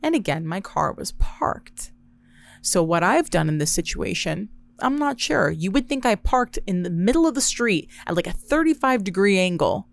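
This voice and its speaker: A woman hosting a podcast alone, telling a story in a wry, profane, deadpan way. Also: mid-range voice, moderate pace, vocal fry. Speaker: podcast host. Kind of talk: casual solo storytelling.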